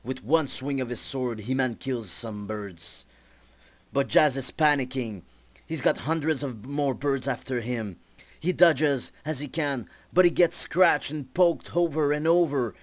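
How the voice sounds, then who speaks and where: A young man, a student, narrating his storyboard story deliberately with small slips. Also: medium pitch. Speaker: student presenter.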